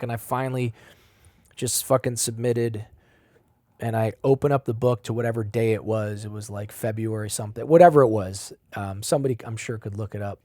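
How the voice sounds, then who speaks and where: A man as a podcast guest, telling a personal story with blunt, profane language and big swings in loudness. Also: on the low side, fairly quick, dry recording, clean studio sound. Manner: animated, swings between loud and quiet.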